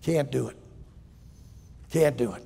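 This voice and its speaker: A man voicing a calm, stern male doctor who answers in short, low, firm lines. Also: measured pace, gravelly, breathy edge, long reverb tail.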